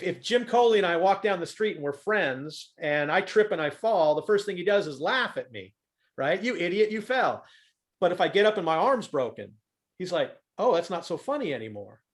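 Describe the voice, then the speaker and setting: Animated man, comic on a panel. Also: high voice. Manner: animated storyteller who acts out examples. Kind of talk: conference panel talk. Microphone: video call.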